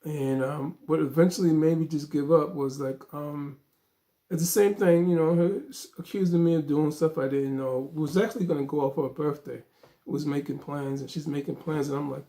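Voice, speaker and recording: A man's voice: on the high side, normal speed. A man vlogger telling a story in a casual way, acting out the dialogue with lots of fillers. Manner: animated, acts out dialogue, frequent fillers.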